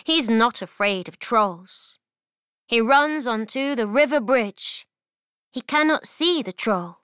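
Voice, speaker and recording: Slow deliberate woman reading a storybook. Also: fairly high pitch, animated, a bit bright, no echo, clean studio sound. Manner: clear, deliberate, simple phrasing. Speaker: storybook reader. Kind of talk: reading a children's story aloud.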